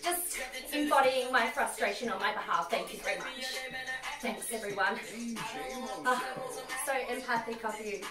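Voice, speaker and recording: A woman's voice: fairly high pitch, moderate pace, long pauses, far from the mic. An Australian woman leading a comedic workout class livestream, cheeky and sassy as she coaches the moves while exercising. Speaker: fitness instructor. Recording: roomy, off-mic, music behind. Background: workout music.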